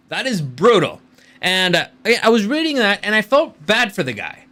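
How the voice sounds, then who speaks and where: A male host runs a casual commentary show and talks in a blunt, opinionated way, sometimes swearing. His voice is bright and forceful, and it sits a little high. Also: big pitch swings, moderate pace.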